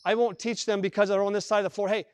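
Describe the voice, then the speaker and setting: High-voiced coach in an echoing gym. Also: male voice, level tone, very fast, noisy background. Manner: repeats words, demonstrates with players. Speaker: basketball coach. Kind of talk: live coaching clinic on court. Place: large indoor gym. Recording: long reverb in a gym hall.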